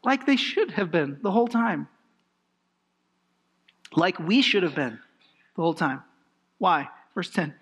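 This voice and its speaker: A man preaching a sermon, emphatic and animated, with rhetorical questions and lively swings in emphasis. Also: sits high, a little slow, pauses often, slightly rough. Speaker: pastor.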